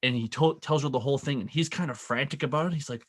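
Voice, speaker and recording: A man co-hosting a casual podcast, telling a story and acting out the people in it with lively quoted voices. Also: medium pitch, fast. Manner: animated, acts out quoted voices. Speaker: podcast co-host.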